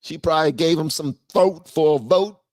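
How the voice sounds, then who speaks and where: A man hosting a live stream who rants with a lot of energy and reads viewers' chat aloud. He swings between shouting and low muttering. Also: normal speed, no room sound, studio quality. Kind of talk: ranting commentary and reading chat on a live stream.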